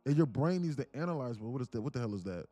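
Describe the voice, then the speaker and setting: A man live-streaming futures trades, talking fast and loose with lots of fillers as he explains charts. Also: mid-range voice, soft background music. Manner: rambling, heavy use of "like", animated. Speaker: day trading streamer. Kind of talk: live trading stream talk.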